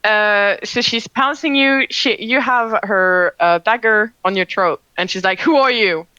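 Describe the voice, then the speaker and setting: A woman narrating as game master of a tabletop game, hesitant and full of fillers, slowing down to describe. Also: medium pitch, fairly even intonation, bright, forceful tone, clear, resonant tone, no room sound, dull audio. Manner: hesitant with many fillers and restarts, slow when describing.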